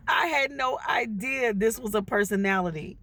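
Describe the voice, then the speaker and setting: A woman in a chatty, casual storytime, speaking straight to her viewers with a gravelly edge of vocal fry on her words. She slips into other people's voices as she quotes them. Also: on the high side, fairly bright tone.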